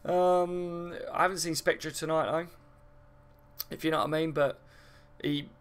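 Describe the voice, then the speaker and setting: A man's voice: a little high, fairly even intonation, a little slow, a bit bright, clear, resonant tone. A man from the south of England, chatting casually on a football live stream and answering viewer comments, rambling and full of fillers.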